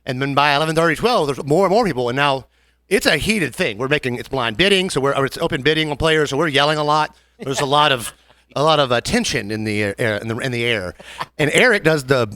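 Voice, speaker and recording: A man's voice: medium pitch, animated, quick pace, bright, forceful tone, no room sound. A man hosting a casual podcast, telling a long story and acting out other people's lines. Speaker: podcast host. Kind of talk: casual chat.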